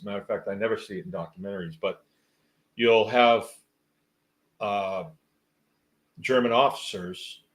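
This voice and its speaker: A man hosting a livestream, reading out viewer comments and musing in a rambling, wry, casual way. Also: fairly low pitch. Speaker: host.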